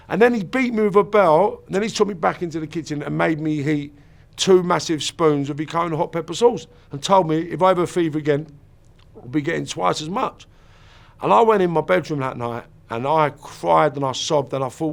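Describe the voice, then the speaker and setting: Gravelly man telling a raw story. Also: on the high side, brisk. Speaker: interviewee. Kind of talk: personal storytelling interview.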